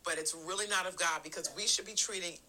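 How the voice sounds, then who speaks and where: A middle-aged woman giving an earnest sermon, stressing her phrases and stretching some words out slowly. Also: lowish voice, pushed and bright, rough recording. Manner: earnest, emphatic, drawn-out phrases. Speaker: church speaker.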